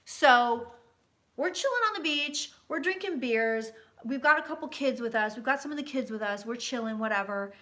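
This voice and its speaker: A tipsy woman in her thirties reading tarot, chatting loudly and swearing as she tells stories. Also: on the high side, moderate pace. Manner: loud, sweary, excitable storyteller. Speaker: tarot reader and host. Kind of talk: casual tipsy chat.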